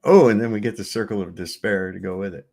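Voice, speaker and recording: A man's voice: on the low side, fast talker, vocal fry, mellow, faint music behind. A man hosting a livestream, reacting to clips with profane, sarcastic commentary and rants. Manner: sarcastic, ranting. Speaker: livestream host.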